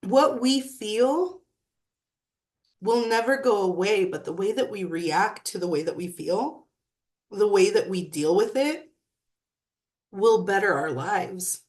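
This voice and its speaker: A woman in her thirties speaks slowly and earnestly, working through her thoughts with measured pauses. Her voice sits at a middle pitch, and she talks as a mother sharing lessons from her own home. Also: a little mellow. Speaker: mother and emotional wellness speaker. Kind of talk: reflective personal talk.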